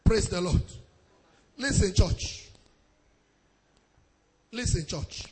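A pastor preaching a fervent sermon in a sing-song style, shouting hallelujahs and repeating phrases for emphasis. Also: male voice, high voice, very slow, husky.

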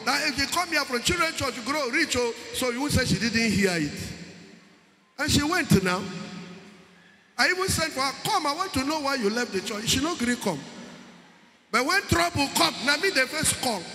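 Nigerian male pastor, very high bright voice, sermon in an echoey church hall. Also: expressive, normal speed, long pauses, faint music behind. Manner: preaching with pidgin asides, shouting at times.

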